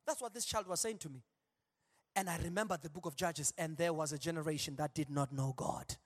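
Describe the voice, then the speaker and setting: A male pastor preaching an animated sermon in a large church, with call-and-response asides. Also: on the high side, fairly quick. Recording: long hall reverb.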